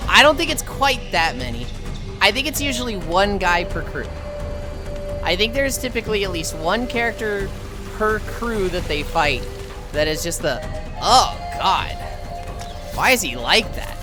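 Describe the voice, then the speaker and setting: A woman's voice: mid-range voice, sing-song, normal speed. A woman streamer chatting casually and telling stories, swearing freely and acting out quotes. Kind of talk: casual live-stream chat and storytelling. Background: game trailer music.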